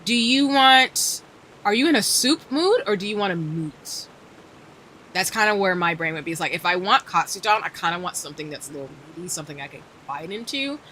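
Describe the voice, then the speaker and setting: A woman's voice: lowish voice, lively intonation, brisk, sharp tone, slight background noise. A woman streamer chatting casually while gaming, telling a rambling story and laughing often, on a desk microphone.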